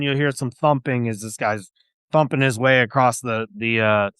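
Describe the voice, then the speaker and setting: A man's voice: medium pitch, normal speed, fairly bright tone, smooth, no room sound, clean studio sound. A man narrating as game master of a tabletop game, rambling with many fillers.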